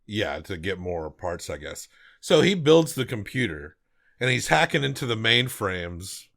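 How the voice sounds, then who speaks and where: Podcast co-host, mid-pitched voice, wry joking movie chat. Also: big pitch swings, measured pace, vocal fry, fairly bright tone. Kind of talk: casual movie review chat.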